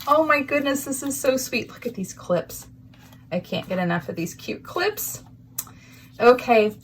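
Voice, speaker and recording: A woman's voice: high voice, expressive, moderate pace, slight background noise. A woman hosting a crafting vlog, gushing with emotion and near tears as she shows off handmade gifts to the camera. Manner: gushing, sentimental, breathy asides. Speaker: crafting channel host.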